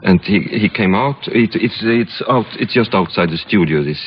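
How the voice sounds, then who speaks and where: Swedish accented guy telling a story in english, lowish voice, kinda stop-start, dull old lo-fi recording. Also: lively intonation, a little hiss or hum. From Sweden. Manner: halting, searching for English words. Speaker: film director guest. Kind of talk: reflective interview storytelling.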